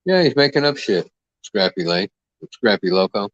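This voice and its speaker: Man, livestream host, very low voice, profane, mocking, dry dull sound. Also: big pitch swings, moderate pace, dry recording. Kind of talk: crude trash-talking livestream chat.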